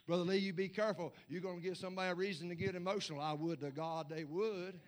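A man preaching a sermon as pastor, swinging from low asides to hollered, repeated lines. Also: fairly even intonation, fast, few pauses. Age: middle-aged or older. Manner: building to shouted, hollering preaching with stammered repeats.

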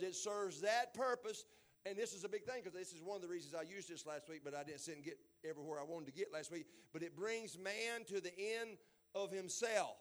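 A man's voice: high-pitched, fairly quick. Folksy preacher man. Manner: folksy and chuckling, rising to loud preaching. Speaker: pastor. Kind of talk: sermon.

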